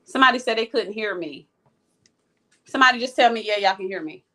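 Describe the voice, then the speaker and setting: A woman's voice: mid-range voice, lively intonation, fast, bright, forceful tone. A woman hosting a live chat show. She talks to her viewers frankly and with energy, and reads out their comments. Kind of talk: casual livestream talk, reading viewer comments.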